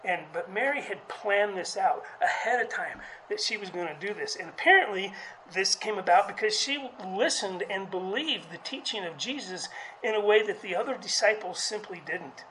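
Preacher talking through a sermon, chatty and halting, repeats words, livens up on quotes. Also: animated, pushed and bright, a little hiss or hum, low-quality recording. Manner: conversational, halting delivery with frequent restarts; acts out quoted speech with raised pitch.

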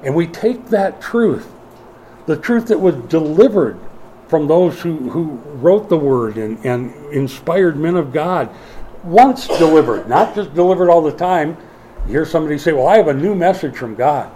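A middle-aged man preaches a sermon in a mellow, warm voice. He swings between quiet, explanatory teaching and emphatic, rising declarations, and drops in folksy asides to his congregation. A faint background ambience sits under his voice. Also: a little high, animated, normal speed, a little hiss or hum, low-quality recording. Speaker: pastor.

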